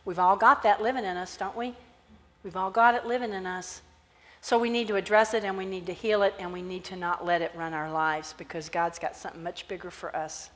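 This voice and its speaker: A woman pastor giving a sermon, animated as she tells a Bible story and acts out its characters. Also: lowish voice, brisk. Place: church sanctuary. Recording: church hall reverb.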